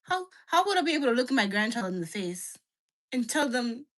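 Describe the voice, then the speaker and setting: A woman voicing an older father with a Nigerian accent who slowly and earnestly begs, repeating himself. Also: fairly high pitch, big pitch swings, a bit bright. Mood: pleading. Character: pleading older father, stern but gentle.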